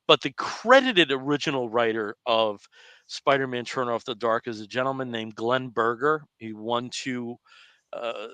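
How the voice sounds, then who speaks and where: Bright, crisp-voiced male podcast host. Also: mid-range voice, no echo. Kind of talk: casual chat.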